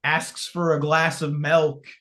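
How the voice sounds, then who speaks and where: A man in casual podcast chat, his voice sitting a little high for a man. He rambles through his points with lots of fillers and restarts. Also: level tone, slow, a bit bright. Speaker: podcast host. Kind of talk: casual film discussion.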